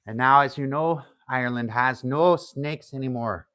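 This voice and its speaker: A man's voice: mid-range voice, normal speed, fairly bright tone. Joking middle-aged man in a workshop. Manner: joking, playfully putting on an Irish accent. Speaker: leather-working livestream host. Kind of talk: casual live-stream chat while working. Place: home workshop, indoors.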